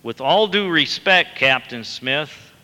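Man voicing a calm, polite young keeper. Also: fairly high pitch, slow pace, full character voice. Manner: calm, respectful, firm. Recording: long reverb in a large hall.

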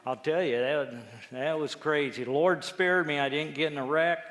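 A man, a lay preacher telling a personal testimony story, acting out quotes with lively jumps in his voice. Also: fairly high pitch, moderate pace. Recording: echoey hall with long reverb.

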